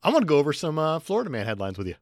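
A man's voice: fairly high pitch, wildly swooping pitch, rapid-fire, dry recording, studio quality. A man hosting a podcast in casual chat, reading out headlines and laughing often. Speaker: podcast host.

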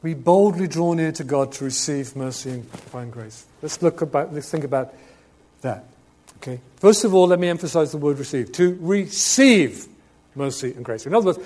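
Man, sermon, warm tone, emphatic, questions to congregation. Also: on the high side. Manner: emphatic, swings between loud urgent stress and quiet asides. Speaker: preacher.

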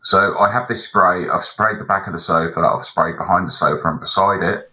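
Brief: male podcast co-host, lowish bright voice, tells sweary rambling stories. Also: brisk, rough recording. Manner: rambling anecdotes, heavy swearing. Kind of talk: casual chat.

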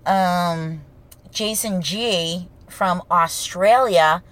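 A woman with a thick Boston accent and a gravelly voice, hosting her own podcast as a brash, profane storyteller in a casual solo monologue. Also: fairly low pitch, drawn-out words, fairly bright tone. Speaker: podcast host.

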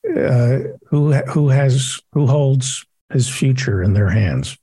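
A man interviewing a guest, asking questions in a slow, deliberate way. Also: mid-range voice, animated, mellow, husky, no room sound.

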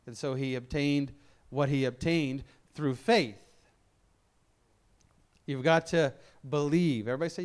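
A middle-aged man from Memphis, Tennessee, serving as a lay preacher, speaks at a measured pace with long pauses. His voice is medium-pitched and smooth, carrying no regional accent. He preaches conversationally, teasing himself and frequently restarting.

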